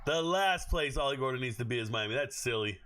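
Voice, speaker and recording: A man's voice: mid-range voice, animated, quick pace, bright, forceful tone. A man hosting a casual livestream as a sports analyst, blunt and profane, laughing often.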